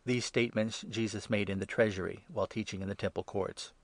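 A man giving a measured, even scripture reading. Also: lowish voice, no room sound. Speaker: reader.

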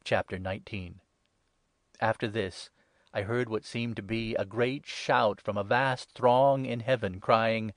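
A man giving a measured, solemn scripted Bible reading, lifting his voice for the quoted cries. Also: fairly low pitch, steady tone, no room sound. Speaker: scripture reader.

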